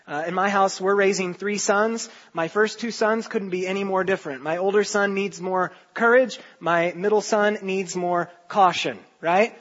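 A pastor with a high voice delivers a relaxed, conversational sermon and keeps checking in with the congregation. The recording sounds dull and lo-fi. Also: male voice. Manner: conversational, often checks in with "right?" and "okay?".

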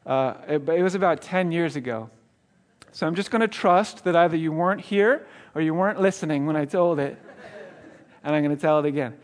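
Man, guest preacher, high voice, laughing storyteller, sermon in a church. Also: fairly quick. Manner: storytelling with laughs and repeated restarts.

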